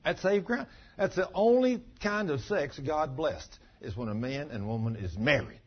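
A man's voice: medium pitch, animated, moderate pace, slightly rough. A man preaching a sermon, emphatic and full of rhetorical questions, often acting out remembered conversations. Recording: dull lo-fi sermon recording.

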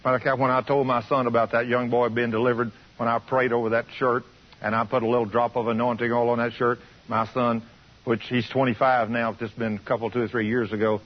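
A man's voice: medium pitch, flat delivery, fast talker. A man preaching a fervent, folksy sermon on the radio. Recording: muffled radio broadcast.

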